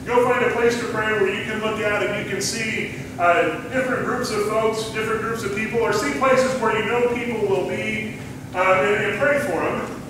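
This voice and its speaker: In a church sanctuary, a man with a high, steady voice preaches at normal speed, turning scripture into a story told in everyday language and a conversational manner. A distant mic catches the echoey hall along with background noise.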